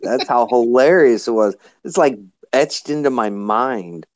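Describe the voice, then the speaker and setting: A man telling a story in a casual group chat, animated and breaking into laughter as he goes. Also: medium pitch, measured pace, no room sound.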